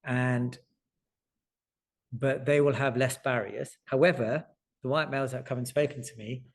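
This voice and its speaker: A man in his forties talks about his career in surgery and tells stories. He acts out the voices of the people in them and keeps the pace lively. His voice sits at an everyday middle pitch. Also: unhurried, gravelly. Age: 40s. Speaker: surgeon and author. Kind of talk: conversational storytelling. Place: lecture hall.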